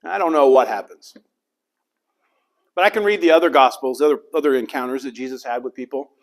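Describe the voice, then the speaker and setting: A man's voice: medium pitch, a little fast. A middle-aged man preaching a sermon as pastor. He acts out the lines of the people in the story with dramatic swings.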